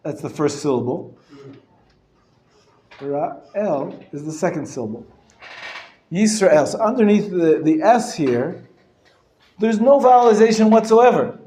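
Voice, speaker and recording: A man teaching a class with a slightly high voice and a slow, careful delivery. He sounds words out patiently, clears his throat now and then and chuckles between points. The room is roomy and echoey. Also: animated, mellow, a little hiss or hum. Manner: patient, explanatory, repeats words slowly to demonstrate sounds. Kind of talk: live classroom lesson on Hebrew reading. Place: lecture room. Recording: roomy echo from a live class.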